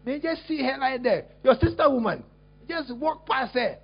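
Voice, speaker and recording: A man preaching a lively sermon as a pastor, teasing and exclaiming at his congregation while acting out a scene. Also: very high voice, unhurried, breathy edge. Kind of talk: lively sermon with acted-out demonstration. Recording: dull lo-fi recording.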